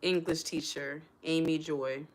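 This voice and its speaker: Chatty woman streamer, lowish voice. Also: fairly even intonation, measured pace. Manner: chatty, talks to viewers as y'all. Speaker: live stream host. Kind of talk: casual live-stream chat.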